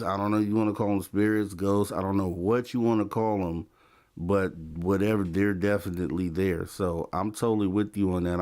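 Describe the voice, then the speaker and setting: A man's voice: fairly low pitch, darkish tone. A man hosting a late-night call-in talk show in a laid-back way, often repeating himself. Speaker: host.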